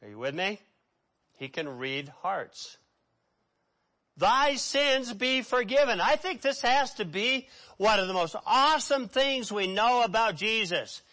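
A man preaching a sermon with dramatic swings between hushed and loud delivery. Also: high voice, sing-song, a little slow.

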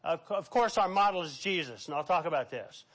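A man's voice: on the high side, animated, fairly quick, a bit bright, husky. A man preaching a sermon, reading scripture aloud and acting out quotes with a dramatic, preachy delivery. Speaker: pastor.

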